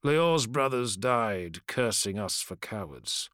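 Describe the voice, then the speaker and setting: A man narrating a first-person fantasy audiobook in a measured, grave storytelling voice. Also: on the low side, expressive, fairly bright tone, no room sound, clean studio sound.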